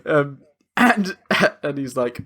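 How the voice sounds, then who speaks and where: A man's voice: a little high, sing-song, takes it slowly, a crowd in the background. A man co-hosting a film podcast, loose and sweary, laughing and quoting characters as he talks. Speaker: podcast co-host. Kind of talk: casual film-review chat.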